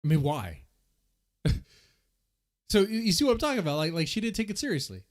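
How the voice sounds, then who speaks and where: A man hosts a drama commentary with a slightly high, very lively voice that swings all over. He rants at his audience, profane and exasperated. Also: brisk. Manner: animated, profane, exasperated ranting. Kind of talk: ranting commentary over clips.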